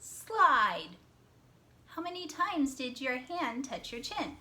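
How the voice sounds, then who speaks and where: A classroom teacher, a woman with a high and slightly bright voice, runs a reading lesson for young children. Her speech is slow; she draws out words to count syllables, compliments correct answers, and now and then whispers.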